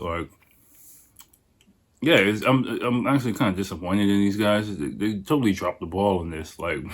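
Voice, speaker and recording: A man hosting a casual podcast, chatting in a rambling, profane way while tasting food. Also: low voice. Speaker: podcast host.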